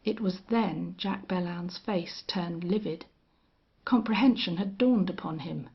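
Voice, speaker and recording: Slow, husky woman narrating a western. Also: fairly low pitch, highs cut off. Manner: measured storytelling. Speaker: audiobook narrator. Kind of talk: audiobook narration of a western novel.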